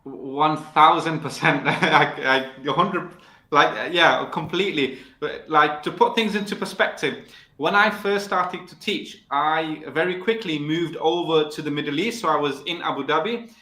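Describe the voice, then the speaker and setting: A man's voice: a little high, measured pace, bright, forceful tone, reverberant, rough recording. A man from the north of England with a Manchester accent, an English teacher chatting casually. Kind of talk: casual chat on a video call.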